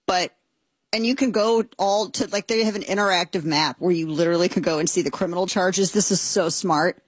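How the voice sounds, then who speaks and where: A woman hosting a talk show, giving comedic political commentary in a sarcastic, excitable, animated way. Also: fairly low pitch, a little fast, breathy edge, no echo.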